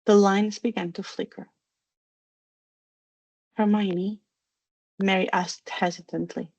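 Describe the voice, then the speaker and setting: A woman narrating a storybook reading, even and unhurried. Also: mid-range voice, breathy edge, no echo. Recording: dull, dry narration recording.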